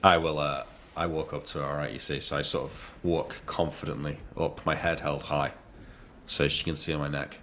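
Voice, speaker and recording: A man's voice: rumbling low, level tone, normal speed, sharp tone, a little hiss or hum. A man describing his character's moves in a tabletop role-playing game, casually and with many hesitations. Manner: casual, hesitant, filler-heavy. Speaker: player.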